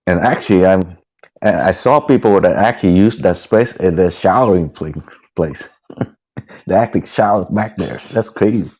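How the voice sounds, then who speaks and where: A man with a low, deep voice talks casually into a cheap headset mic. He halts and restarts his words and laughs easily. The audio sounds muffled and lo-fi. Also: normal speed, darkish tone. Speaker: guest van dweller. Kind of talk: casual live-stream chat. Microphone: headphone headset mic.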